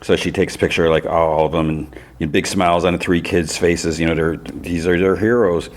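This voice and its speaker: Deep-voiced man casually recapping a TV episode. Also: fairly even intonation, fairly quick. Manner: loose storytelling that acts out characters' lines in a raised voice; many fillers like "you know" and "like". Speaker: podcast host recapping TV episodes.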